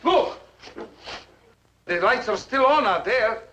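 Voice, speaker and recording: A man's voice: sits high, sing-song, moderate pace. A man playing an anxious, deferential Soviet radio operator in a 1950s film. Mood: urgent. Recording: muffled old film soundtrack with hiss.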